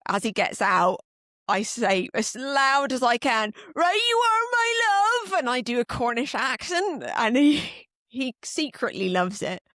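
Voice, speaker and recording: A woman's voice: fairly high pitch, expressive, measured pace, a bit bright, no room sound, studio quality. Playful woman in a casual podcast chat. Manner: playful, laughs easily. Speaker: podcast co-host. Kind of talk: casual conversation.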